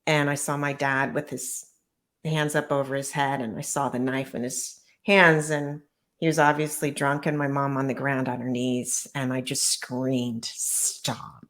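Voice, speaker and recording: A middle-aged woman with a low voice tells her own story as an interview guest. She speaks in an earnest, measured way, pausing to recall painful memories. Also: little pitch movement, a bit bright. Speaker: guest author.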